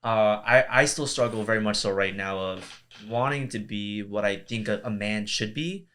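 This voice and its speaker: A man's voice: fairly low pitch, normal speed, a bit bright. A man hosting an interview, empathetic and reflective, sharing his own experience and often restarting his sentences. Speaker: interview host. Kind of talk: conversational interview.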